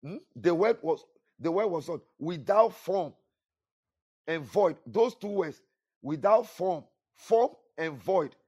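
A man's voice: high voice, animated, slow pace, darkish tone, husky. A man preaching a sermon with emphatic, repetitive delivery, rising and falling for effect. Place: church.

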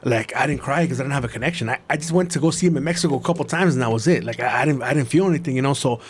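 Middle-aged man, rapid storyteller, mid-pitch, faint hiss in the room. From East Los Angeles. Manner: rapid storytelling with many likes and restarts. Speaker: podcast guest. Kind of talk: casual podcast conversation.

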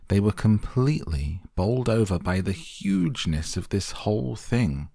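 A man narrating an audiobook with measured storytelling, slowing down for effect. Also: deep voice, animated, creaky, darkish tone, no echo, clean studio sound. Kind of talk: scripted narration.

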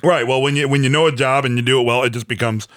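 A man's voice: medium pitch, steady tone, fast talker, a bit bright, no room sound, clean studio sound. Casual, profane man recapping a show. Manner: loose and profane, lots of fillers. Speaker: podcast co-host. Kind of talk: casual chat recapping a TV episode.

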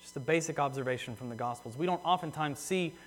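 Male pastor with a slightly high voice, preaching earnestly in a church with long reverb. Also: soft background music. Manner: earnest, repeats phrases for emphasis, slows on key words. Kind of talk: sermon.

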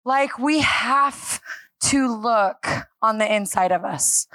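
A woman speaking at a church on a handheld microphone, giving a lively, self-deprecating sermon that acts out her talks with God. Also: on the high side, slow pace, dry recording. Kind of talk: conversational sermon. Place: church stage.

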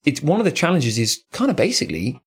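A man's voice: a little high, huge pitch swings, fast, husky. A man hosting a podcast in casual chat, rambling and musing with frequent asides. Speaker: podcast host.

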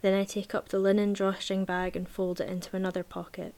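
A woman reading a novel aloud in a measured, even voice, then chatting casually about the book. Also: mid-range voice. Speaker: book reviewer.

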